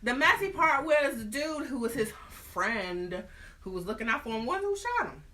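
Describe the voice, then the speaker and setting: A woman host retelling a story in an animated, slangy, comic way. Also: on the high side, moderate pace. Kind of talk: casual storytelling.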